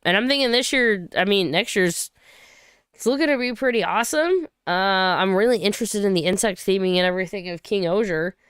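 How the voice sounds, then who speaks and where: Woman host from Saint Louis, bubbly casual stream chatter, clean smooth tone, dry close mic. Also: medium pitch, fairly bright tone, dry recording. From Saint Louis, USA. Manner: bubbly, chatty, quick to laugh and cheer. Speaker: livestream host. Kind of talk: casual livestream chat.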